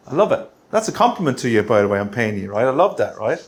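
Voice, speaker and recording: A man's voice: mid-range voice, big pitch swings, fast talker, hardly any pauses, a little hiss or hum. Joking Irish man giving a workshop. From Ireland. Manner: chatty, teasing, ends points with "right?". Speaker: workshop presenter. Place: council meeting room.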